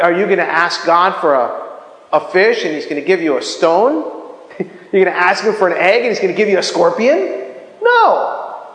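High-pitched middle-aged pastor guy, chatty and jokey, preaching, long hall reverb. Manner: animated, chatty, jokes and laughs often. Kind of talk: sermon.

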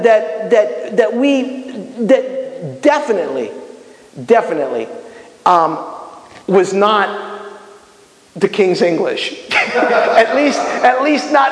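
A man from Miami teaching a Bible lesson in a sermon style, acting out prayers with lots of restarts. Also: very high voice. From Miami, United States. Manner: animated, acts out prayers, many restarts. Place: community center hall. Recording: echoey hall with long reverb.

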